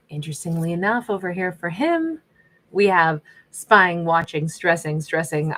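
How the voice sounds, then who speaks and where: Woman reading tarot, kinda low voice, sassy and animated, acts out what ppl would say. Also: normal speed, rough recording. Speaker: tarot reader.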